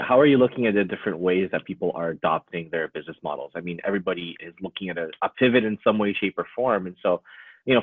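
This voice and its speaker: A man hosting an interview rushes through his long questions, padding them with fillers. His voice is very deep and a little husky. The sound is dry and thin, like a phone line. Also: dry recording. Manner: fast, filler-heavy questioning. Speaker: host.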